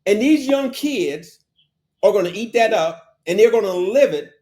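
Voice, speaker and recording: Man host, high animated voice, insistent and forceful, keeps cutting in to finish his point. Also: unhurried. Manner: forceful, insistent, repeats phrases to hold the floor. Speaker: podcast host. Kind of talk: heated debate.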